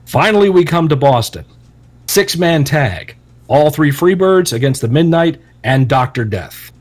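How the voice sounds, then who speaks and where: A man co-hosting a podcast with a voice sitting a little high for a man, spinning a long story in a casual, swear-laden style. He is animated, leaning into the punchlines and acting out the people he quotes. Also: measured pace. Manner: animated, profane, acts out quotes loudly. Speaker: podcast co-host.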